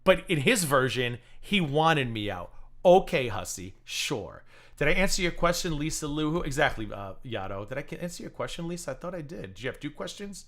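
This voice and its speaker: Man streaming drama commentary, higher voice, lively swooping pitch, sarcastic and mocking. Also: brisk, hardly any pauses. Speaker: livestream host.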